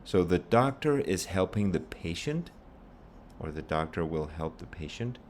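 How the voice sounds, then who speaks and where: Male language teacher, very low pitch, patient and explanatory, models phrases slowly. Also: animated, darkish tone, slight background noise. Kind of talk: pronunciation lesson.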